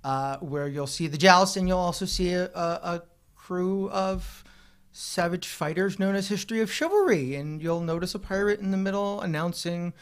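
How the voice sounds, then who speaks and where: A man's voice: sits high, normal speed, smooth. A man co-hosting a casual talk show, making wry asides. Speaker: co-host. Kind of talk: casual chat.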